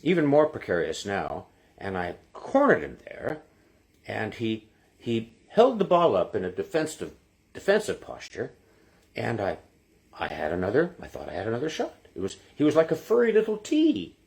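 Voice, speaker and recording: A man's voice: on the low side, wildly swooping pitch, normal speed, gravelly, darkish tone, voice pushed down, heavily acted. A man voicing an Irish golfer in a joke, with a put-on Irish accent, rambling through a long story.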